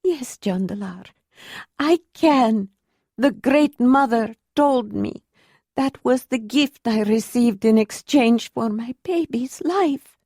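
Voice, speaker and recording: A woman reading the lines of a proud young woman who is hurt and hiding her pain, her delivery slow and controlled. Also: a little high, mellow, no echo, clean studio sound, pitched above the performer's own voice, lightly acted. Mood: hurt, bitter. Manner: pained, bitter, controlled. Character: Ayla, young woman, wounded, proud, dignified. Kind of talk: audiobook character reading.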